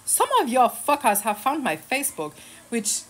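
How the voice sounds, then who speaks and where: Thirtysomething woman ranting from bed into her phone, sarcastic and sweary, voice swings all over, pitched a bit high. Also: sing-song, moderate pace, a bit bright. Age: 30s. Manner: sarcastic, heated, swearing, laughing between jabs. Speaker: online creator. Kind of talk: casual rant to camera. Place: lying in her bed at home.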